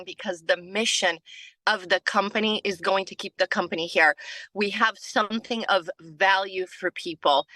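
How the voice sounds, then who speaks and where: A woman giving a motivational team training talk, earnest and worn out from not sleeping. Her voice is bright and forward, and she drives points home by repeating them. The sound is dry and close, with little room echo. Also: mid-range voice. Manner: earnest, repeats phrases for emphasis. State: tired from lack of sleep. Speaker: team leader.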